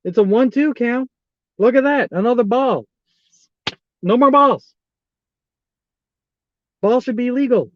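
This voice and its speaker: A man's voice: very high voice, moderate pace, pauses often, no echo, dull audio. A man giving live fan commentary on a baseball game, exasperated and repeating the same pleas over and over. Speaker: fan streaming a live baseball watch-along.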